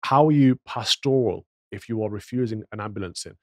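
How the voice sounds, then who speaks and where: A man's voice: lowish voice, fairly quick, no echo. A man giving indignant, moralizing commentary on news clips, full of rhetorical questions. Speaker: podcast commentator.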